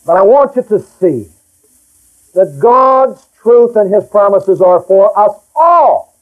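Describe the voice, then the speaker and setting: A man's voice: high voice, expressive, slow, narrow, tinny audio. A middle-aged male pastor preaching a folksy, emphatic sermon and reading scripture aloud.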